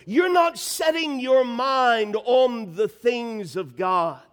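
A man's voice: extremely high pitch, lively intonation, slow pace, fairly bright tone, clean tone. A man preaching a sermon, reading Scripture and building to emphatic, rising bursts. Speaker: pastor.

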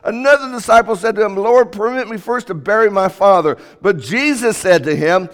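High-voiced man preaching in a reverberant hall. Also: expressive, normal speed, hardly any pauses. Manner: emphatic, rising and falling sharply for emphasis. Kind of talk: sermon. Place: church auditorium. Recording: long reverb of a church hall.

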